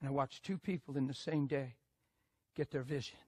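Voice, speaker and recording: A male preacher telling a story in a sermon, animated and emphatic, moving between loud bursts and hushed asides. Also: mid-range voice, moderate pace, husky, no echo.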